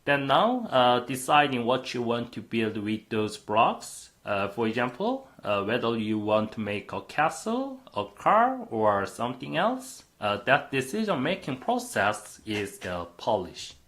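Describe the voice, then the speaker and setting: A man's voice: medium pitch, big pitch swings, unhurried, few pauses, fairly bright tone. A man lecturing a university class on computing, explaining step by step with frequent "uh" fillers.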